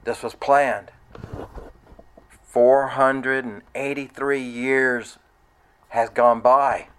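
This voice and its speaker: Male preacher, mid-pitched, plain delivery, verse-by-verse sermon that sometimes builds to loud excitement. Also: very slow, a little hiss or hum, low-quality recording. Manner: conversational, rising to loud excited retelling.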